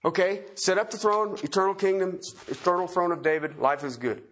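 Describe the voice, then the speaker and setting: A man preaching a sermon in a folksy way, swinging from loud emphatic points to quiet chuckling asides. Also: sits high, brisk.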